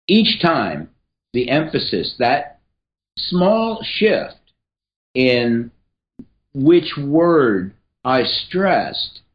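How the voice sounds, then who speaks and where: A man speaking as a podcast guest and writer, explaining ideas in a measured, teacherly way. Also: mid-range voice, lo-fi sound. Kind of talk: explanatory interview talk.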